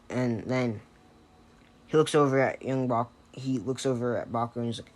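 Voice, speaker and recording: A man's voice: medium pitch, steady tone, normal speed. A man casually improvising a fan-fiction story aloud, hesitant with many fillers and restarts.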